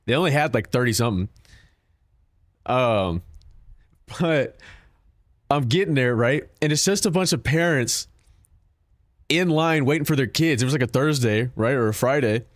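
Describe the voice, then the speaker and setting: A man's voice: mid-range voice, moderate pace, pauses often, no room sound, clean studio sound. Profane joking male streamer. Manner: profane, joking, talks back to chat. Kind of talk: casual stream chat with viewers.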